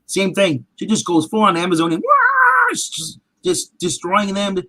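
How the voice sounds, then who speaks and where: A man hosting a casual show, retelling a TV episode in an animated, rambling way with restarts. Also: high-pitched, normal speed, no echo. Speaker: podcast host. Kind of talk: casual chat recapping a TV episode.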